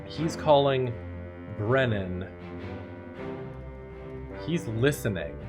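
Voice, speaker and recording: A man's voice: medium pitch, expressive, drawn-out words, music in the background. A man streaming a video game, thinking aloud and musing in casual commentary.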